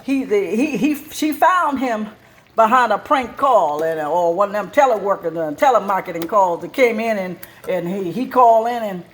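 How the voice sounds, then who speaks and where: A woman hosting a cooking show and telling a story at her kitchen stove, lively and plain-spoken. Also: medium pitch, normal speed, a little hiss or hum.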